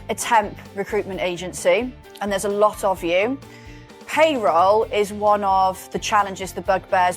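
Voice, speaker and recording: Podcast co-host, woman from Wales, mid pitch, casual ad read over faint music. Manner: quick reactions, amused interjections. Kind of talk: casual chat and sponsor read.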